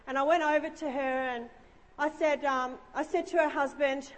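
A high-voiced woman pastor telling a story in a sermon, chatty and humorous. She keeps a conversational, offhand manner. Her voice trails a long reverb through the hall. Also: fairly even intonation, normal speed.

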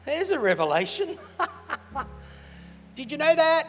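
A pastor preaching in a big church hall, his high voice carrying a long reverb tail. He speaks slowly and deliberately, playful and animated, with soft music faintly underneath. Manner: animated, playful, laughs between points. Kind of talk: sermon.

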